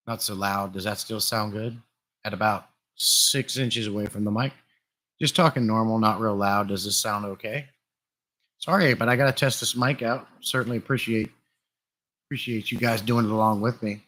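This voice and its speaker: A man hosting a casual live stream, chatting in a relaxed way and greeting viewers by name, recorded on a desktop mic in a room full of glass fish tanks. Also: fairly low pitch, moderate pace. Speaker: livestream host. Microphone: desktop USB condenser mic.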